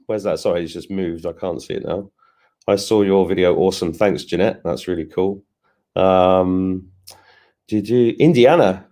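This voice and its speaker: A man's voice: mid-range voice, warm tone. A man hosting a casual live stream, greeting viewers by name and joking as he rambles. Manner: chatty, joking asides, rambling restarts.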